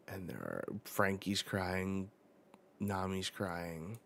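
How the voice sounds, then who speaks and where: A man reads manga panels aloud on his reaction stream, lingering over each line of dialogue for dramatic effect. His voice sits fairly low and he takes his time. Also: animated, slow pace, vocal fry, a bit bright. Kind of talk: live reading and reaction.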